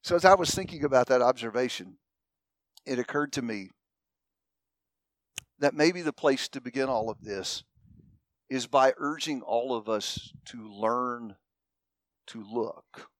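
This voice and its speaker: A man's voice: mid-range voice, measured pace, long pauses, no room sound. A man teaching a group, talking the audience through an illustration and putting questions to them. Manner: animated storyteller, asks the audience questions. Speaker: speaker teaching a class. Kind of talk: teaching talk with acted-out anecdotes.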